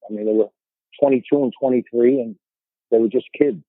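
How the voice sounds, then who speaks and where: This fiftyish Boston-area man speaks fairly quickly at medium pitch with fairly even intonation, recorded with no room sound and narrow, tinny audio. As a podcast guest in a casual storytelling chat, he rambles and repeats words when starting sentences, in a Boston accent.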